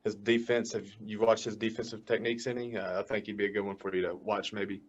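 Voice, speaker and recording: A man on a casual sports talk show, asking questions in a friendly, relaxed way. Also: on the low side, fast talker. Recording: slightly dull lo-fi audio.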